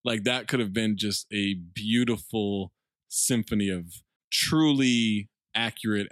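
A man's voice: lowish voice, slow, a bit bright, no room sound, clean studio sound. A man co-hosting a podcast, talking about a movie in casual chat, enthusiastic and profane, often laughing. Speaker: podcast co-host.

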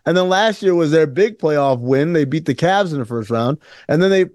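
Male co-host, lively and sarcastic, somewhat high voice, dry studio sound. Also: normal speed, no room sound. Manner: animated, sarcastic, acts out quotes in mock voices. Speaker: podcast co-host. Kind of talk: casual sports talk.

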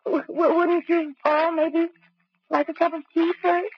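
Brief: genteel, flustered young lady, high voice, muffled old broadcast. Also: little pitch movement, measured pace. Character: flustered, prim young woman stalling gangsters. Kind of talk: 1940s radio acting.

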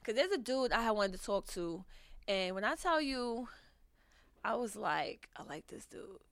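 A woman's voice: on the high side, expressive, unhurried, fairly bright tone, clean tone, no room sound, studio quality. A woman vlogger giving frank, rambling advice to viewers in a casual chat, full of fillers and restarts. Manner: frank and profane. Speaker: vlogger answering viewer questions.

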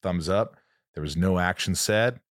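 Man, middle-aged, very low voice, dry close sound, podcast host, animated storyteller. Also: a little slow, no room sound. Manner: animated storyteller, acts out quotes. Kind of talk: casual interview chat.

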